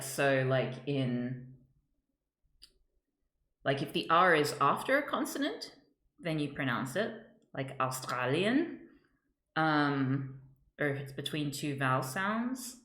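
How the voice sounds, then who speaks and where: A woman chatting casually on a live stream as she works, halting and laughing often as she greets viewers. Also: low voice, fairly bright tone, roomy sound. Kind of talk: casual live-stream chat while working.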